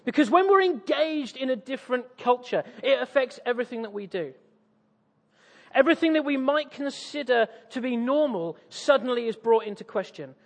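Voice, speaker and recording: Man, English accent, preacher, jovial storytelling, self-mocking humor, very high voice, long hall reverb. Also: animated, moderate pace, vocal fry, a bit bright. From East Anglia, England. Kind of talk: sermon with audience interaction.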